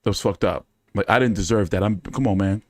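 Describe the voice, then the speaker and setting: A man hosting a casual fan chat, telling stories in an animated, profane way with many fillers. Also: fairly low pitch, brisk. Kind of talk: casual storytelling to a live chat.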